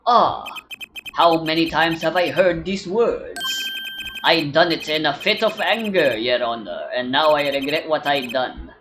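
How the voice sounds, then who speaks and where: A woman voicing an old male courtroom judge in a slow, pompous old-man manner. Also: low voice, expressive, background noise. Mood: wistful, pompous.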